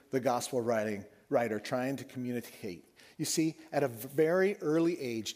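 A man preaching a sermon, telling the story with animated swings and dropping his voice soft for emphasis. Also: mid-range voice, slightly rough. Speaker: pastor.

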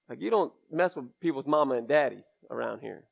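A man's voice: medium pitch, lively intonation, fairly quick, creaky, hardly any pauses. A man preaching a conversational sermon in a church, folksy and candid with emphatic asides. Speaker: pastor. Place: church sanctuary. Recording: dull lo-fi sermon recording.

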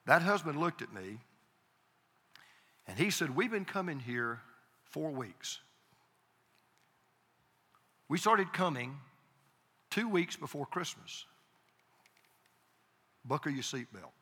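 A male pastor tells a story from the pulpit, stumbling over repeated starts and leaning on emphatic pauses. His voice sits a little high and rings bright. It carries a long reverb from the church hall around him. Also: sing-song, husky. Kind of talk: sermon storytelling.

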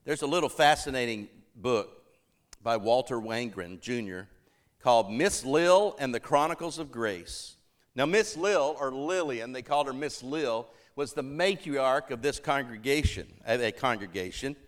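A man's voice: mid-range voice, lively intonation, normal speed. A middle-aged pastor preaching a sermon, shifting his voice to act out the people he quotes.

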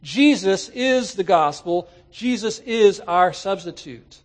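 A man preaching a sermon to his congregation, animated and rising at times to shouts. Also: sits high, slow pace. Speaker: pastor. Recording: church sermon audio.

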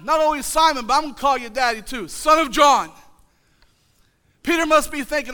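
High, bright-voiced preacher man. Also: fairly quick. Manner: humorous, self-mocking, builds to shouted retellings. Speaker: pastor. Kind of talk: sermon.

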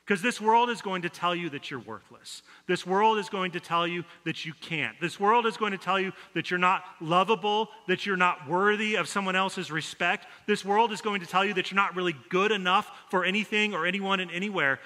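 A male pastor delivers a sermon, telling a story in an easy, conversational way and going soft for quoted lines. His voice is very bright and sits a little high. The church hall behind him rings with a long reverb. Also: a little fast, hardly any pauses.

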